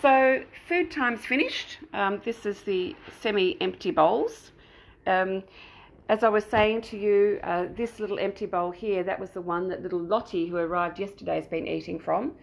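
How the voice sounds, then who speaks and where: A woman's voice: medium pitch, moderate pace, gravelly. A middle-aged Australian woman hosting a cat rescue livestream from her home, talking casually and at length about the kittens. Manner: chatty, rambling, fond baby talk to the kittens.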